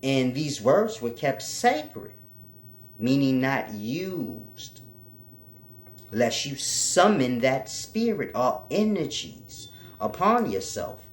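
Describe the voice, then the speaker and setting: A man giving an informal spiritual teaching, slow and repetitive, spelling out letters for emphasis. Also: mid-range voice, big pitch swings. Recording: roomy echo.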